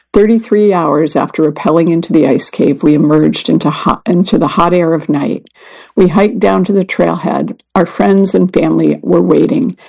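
A woman reading a first-person magazine story and article aloud in an even, measured way. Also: low-pitched, vocal fry, slightly rough, poor audio. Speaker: reader. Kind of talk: scripted narration of a magazine story.

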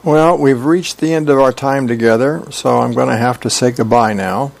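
A man volunteering as a radio reader, reading newspaper comics aloud in a plain, unhurried way. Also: mid-range voice, creaky, darkish tone. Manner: plain, unhurried storytelling with small fillers.

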